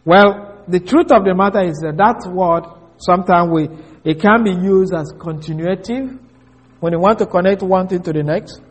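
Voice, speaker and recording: A man with a notably high, husky voice delivers an expository Bible lesson. He speaks in a measured, deliberate way. He spells out words and repeats key phrases so listeners can follow along. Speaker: preacher.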